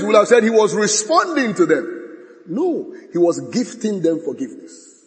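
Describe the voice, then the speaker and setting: Male preacher, high voice, lively delivery, dramatic, hall reverb. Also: normal speed. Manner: dramatic, swings from shouting to hushed, acts out quotes. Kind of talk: sermon.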